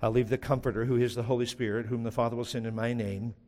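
A man preaching a sermon as pastor, shifting between driving emphasis and hushed, slow lines. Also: medium pitch, level tone. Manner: preaching with sudden drops to a hushed voice. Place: church sanctuary. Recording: long hall reverb.

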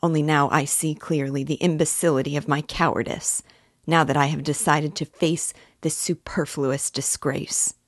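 A woman's voice: low voice, flat delivery, normal speed, no room sound, clean studio sound. A woman reading the lines of a tormented, proud young man in a novel, brooding and at times furious. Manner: brooding, bursts into fury.

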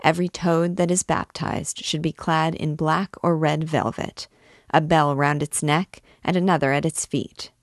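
A woman's voice: low voice, fairly even intonation, measured pace, no echo, clean studio sound. A woman reading aloud, voicing a commanding male chief of vagrants who instructs his followers. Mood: instructing. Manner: instructive, listing lore.

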